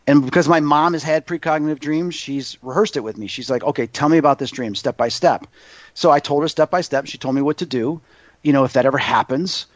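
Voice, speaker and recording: A man's voice: mid-range voice, dry recording. A man in his fifties, a psychic medium guest, telling stories in a casual interview and acting out quoted voices. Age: 50s. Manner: animated, acts out quoted voices. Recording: dull muffled audio.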